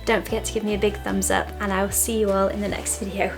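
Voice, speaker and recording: A young woman vlogging from her bedroom at home, chatting candidly to camera and laughing softly between thoughts. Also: medium pitch, level tone, fast talker, gravelly, loud music behind the voice. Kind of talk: casual chat to camera.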